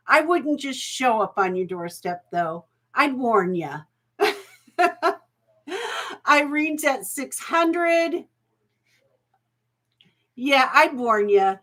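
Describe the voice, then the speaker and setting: A woman's voice: sits high, a bit bright. A woman hosting a live jewelry auction stream, chatty and folksy, laughing often and getting emotional.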